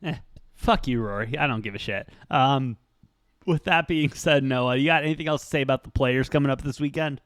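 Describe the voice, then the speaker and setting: A man's voice: medium pitch, fairly quick, fairly bright tone, dry recording, clean studio sound. A man co-hosting a sports betting show, talking casually and ranting bluntly, with lots of swearing.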